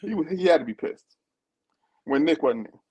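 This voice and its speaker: Husky-voiced man, emphatic and repetitive. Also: a little high, expressive, normal speed, a little mellow, no room sound, poor audio. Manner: emphatic, stumbles and repeats words. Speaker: host reviewing a reality show. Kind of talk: casual live-stream chat.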